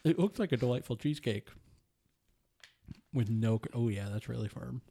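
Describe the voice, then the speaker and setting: A man's voice: medium pitch, normal speed, creaky, mellow. A young man co-hosting a podcast, chatting casually and animatedly while tasting cheese in a studio, often laughing and talking with his mouth full. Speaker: podcast co-host.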